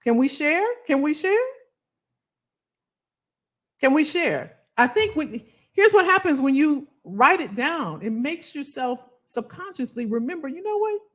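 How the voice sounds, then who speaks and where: Her voice sits high and unhurried as this woman runs a motivational live stream, reading out comments from viewers and encouraging them. She's animated and preachy, repeating her phrases over and over.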